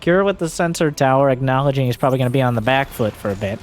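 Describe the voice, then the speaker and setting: A man giving solo play-by-play commentary on a strategy game, getting excitable and shouting when fights break out. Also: very fast, slight background noise. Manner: excitable, voice jumps high and shouts during fights. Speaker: esports caster.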